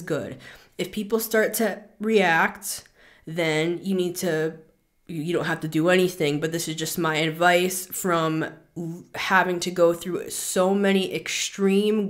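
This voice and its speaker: A woman hosting a spiritual reading show, talking earnestly to listeners and repeating words for emphasis, a little out of breath. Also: fairly low pitch. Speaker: spiritual reader, show host. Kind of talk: intuitive reading monologue.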